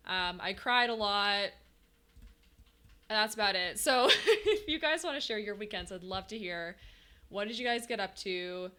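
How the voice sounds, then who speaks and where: A woman game streamer chatting casually with her viewers, talkative and quick to laugh as she answers chat. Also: mid-range voice, sharp tone, clear, resonant tone.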